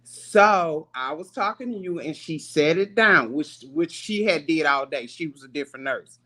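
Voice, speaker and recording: A woman guest on a video call, telling her side of the story in casual chat, soft-spoken and laid-back. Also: low voice, animated, normal speed. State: hospital patient.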